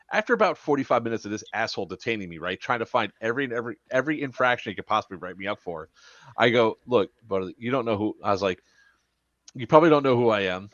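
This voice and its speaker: A man's voice: medium pitch, expressive, fast, fairly bright tone, no echo, highs cut off. A man hosting a podcast, telling a story in casual chat, profane and laughing as he goes. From Florida. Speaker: podcast host.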